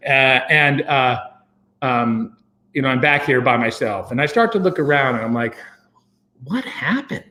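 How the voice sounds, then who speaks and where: A man telling a long personal story as an interview guest, animated and full of fillers and chuckles. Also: medium pitch. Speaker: guest, venture capitalist. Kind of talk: casual anecdote telling.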